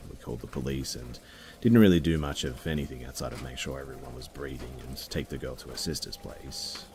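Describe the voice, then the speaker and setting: A man narrating a true story in a steady, low-key storytelling manner. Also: fairly quick, slight background noise. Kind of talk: reading a story aloud.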